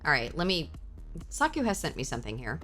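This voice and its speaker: A foul-mouthed woman streamer chatting casually with her viewers. Her low voice is bright and swings widely in pitch, while her pace stays unhurried. Faint music plays behind her. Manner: profane, excitable, reacts to chat aloud. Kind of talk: casual live-stream chat.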